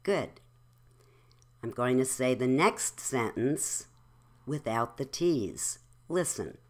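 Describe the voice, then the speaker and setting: Woman, speech teacher, very low pitch, slow measured drills, careful enunciation. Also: very animated. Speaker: elocution teacher.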